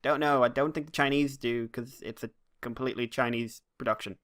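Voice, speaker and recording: A man's voice: mid-range voice, steady tone, a little fast, a bit bright. An Irish man co-hosting a casual podcast chat. He rambles and rants, with plenty of swearing dropped in along the way. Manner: rambling, ranting, swears freely. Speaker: podcast co-host.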